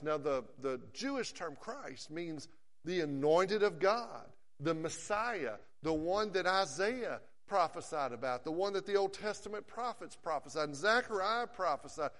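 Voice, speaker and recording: A man preaching a sermon, earnest and emphatic, slowing down to stress scripture quotations. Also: high-pitched, long reverb tail.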